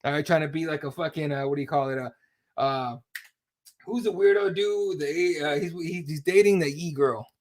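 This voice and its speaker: A man's voice: fairly high pitch, moderate pace. A man hosting a combat sports podcast, reading out viewer comments in a crude, blunt way. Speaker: podcast host. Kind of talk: casual chat.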